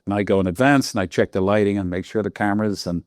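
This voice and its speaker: A man's voice: fairly low pitch, quick pace, no echo, clean studio sound. Irish man in his sixties, anecdotal. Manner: lively, laughing anecdotes with quoted voices. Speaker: guest lighting designer. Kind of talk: casual interview storytelling.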